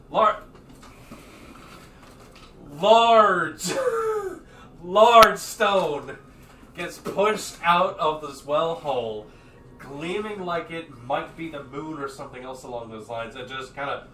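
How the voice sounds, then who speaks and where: A man's voice: on the high side, sing-song, measured pace, bright, forceful tone, echoey room, distant mic, slight background noise. A man narrating a tabletop game as game master, rambling with many fillers and restarts.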